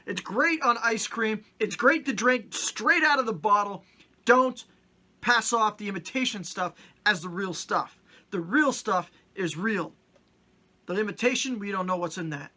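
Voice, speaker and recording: A man's voice: high voice, sharp tone. A middle-aged man from Canada hosting a casual comedic vlog, joking and acting out little mock-stern scenes. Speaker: vlogger host.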